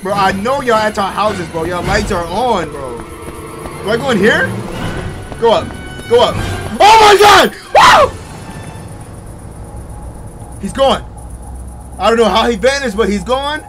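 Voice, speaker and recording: A young man playing a horror game and reacting out loud, yelping, laughing and talking slang to his viewers, with game music loud behind him. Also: high-pitched, moderate pace, pauses often. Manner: yelps, laughs and exclaims loudly; slangy, says "bro" often. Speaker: gaming YouTuber. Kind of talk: excitable horror game commentary.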